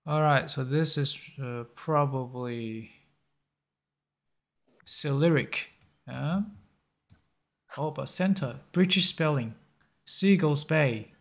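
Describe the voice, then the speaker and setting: A man hosting a map-guessing game video, thinking aloud in a halting, musing way with short chuckles. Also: a little high.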